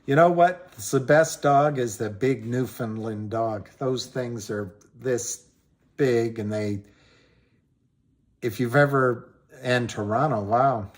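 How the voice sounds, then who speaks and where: Slow, rambling man hosting a livestream. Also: medium pitch. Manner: rambling, greets viewers by name and place; trails off and restarts, laughs often. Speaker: livestream host. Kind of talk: casual livestream talk to viewers.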